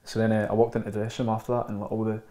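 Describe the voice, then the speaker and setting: A man in his thirties with a Scottish accent, a former footballer telling lively anecdotes in a casual interview. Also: fairly low pitch, racing. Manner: animated anecdotes, acts out quotes. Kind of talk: casual storytelling chat. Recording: roomy echo.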